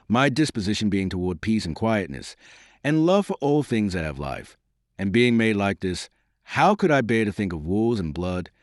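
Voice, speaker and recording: A man voicing a devout, gentle young peasant girl turned army commander, speaking earnestly and pleading. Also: lowish voice, no room sound, clean studio sound.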